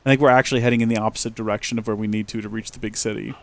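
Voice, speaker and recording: A man's voice: on the low side, steady tone, racing, vocal fry. A man chatting and joking as a let's play host, rambling as he plays. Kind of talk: gameplay commentary.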